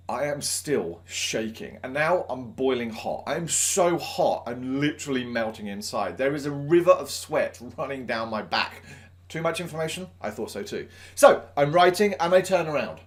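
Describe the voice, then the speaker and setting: A man, a teacher, telling a self-mocking anecdote from his teaching life. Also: medium pitch. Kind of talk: storytelling anecdote.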